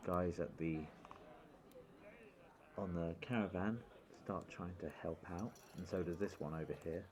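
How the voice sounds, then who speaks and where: A man narrating as game master in a tabletop game, relaxed and hesitant with many fillers. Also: low voice.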